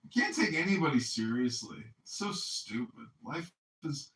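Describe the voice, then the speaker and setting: Rambling, profane man with a bright voice. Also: fairly high pitch, lively intonation, moderate pace. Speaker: podcast host. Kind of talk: casual chat. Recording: echoey room, distant mic.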